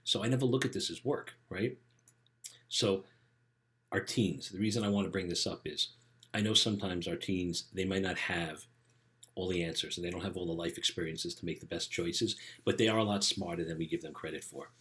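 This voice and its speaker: A man's voice: deep voice, brisk, fairly bright tone. A middle-aged man, a life coach for teens, giving a casual motivational talk. He speaks conversationally and often tags his sentences with "right?".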